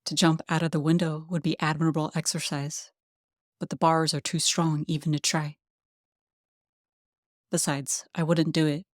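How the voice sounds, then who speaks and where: Audiobook narration, calm, unhurried, even pitch, dry studio mic. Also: no room sound. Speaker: audiobook reader. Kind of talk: gentle audiobook narration of a classic story.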